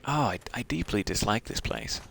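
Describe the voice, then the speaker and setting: A man's voice: medium pitch, lively intonation, normal speed, vocal fry, fairly bright tone, slight background noise. A man giving wry, self-deprecating commentary while playing a video game. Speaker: game streamer. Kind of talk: let's-play commentary.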